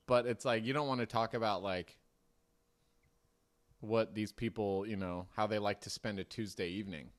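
A man's voice: fairly low pitch, fairly even intonation, moderate pace, pauses often. A man chatting casually, rambling with many fillers and acting out quotes. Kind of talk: casual chat.

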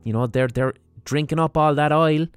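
A man's voice: on the high side, normal speed, smooth, faint music behind, natural voice. An Irish man voicing bemused, foul-mouthed alien visitors who talk in a casual, offhand way. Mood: earnest. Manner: swearing, chatty, offhand.

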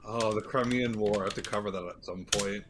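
A man's voice: fairly low pitch, steady tone, fairly quick, noisy background. A man who is a guest on a podcast game show, chatting loosely and laughing easily. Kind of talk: casual chat.

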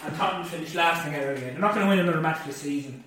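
A man's voice: a little high, very fast, a bit bright. A man co-hosting a casual football podcast, jokey and teasing. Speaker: podcast co-host. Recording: echoey distant mic with faint noise.

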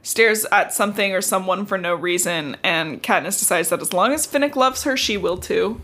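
A young woman co-hosting a podcast, recapping a book in casual chat, full of "like" and quick laughs. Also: mid-range voice, fairly bright tone. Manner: chatty recap filled with "like", laughing often. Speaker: podcast co-host.

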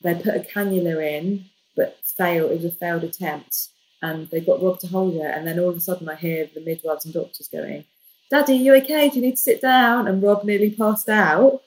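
A woman tells a personal story in a casual, animated way, slipping in jokes as she goes. Her voice sits a little low for a woman. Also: brisk, poor audio. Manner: lively, jokey, animated retelling. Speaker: guest.

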